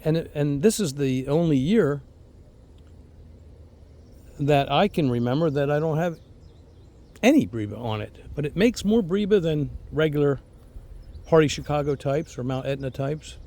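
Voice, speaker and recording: Mellow-voiced man touring his garden. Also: on the high side, lively intonation, normal speed, pauses often. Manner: enthusiastic and rambling, repeats words. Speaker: fig grower and channel host. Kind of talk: casual garden vlog. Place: outdoors in a garden.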